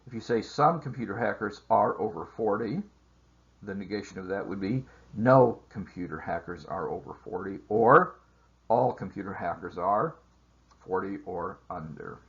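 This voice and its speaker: A man teaching a math lesson over slides, explaining steps in a measured way with frequent filler sounds. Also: fairly low pitch, expressive, a bit bright, husky, lo-fi sound. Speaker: math instructor. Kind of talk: recorded lecture over slides.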